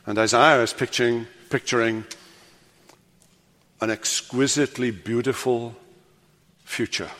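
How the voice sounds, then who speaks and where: An older man preaching a sermon as pastor, swinging from loud, animated passages to hushed, quiet endings. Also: medium pitch, unhurried, long pauses, long reverb tail. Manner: animated preaching, rising loud then dropping to hush. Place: church sanctuary.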